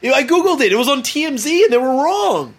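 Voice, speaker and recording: A young man hosting a casual comedic chat, animated and profane, slipping into mocking voices as he talks. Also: very high-pitched, fast. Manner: animated, swears freely, mimics people in voices.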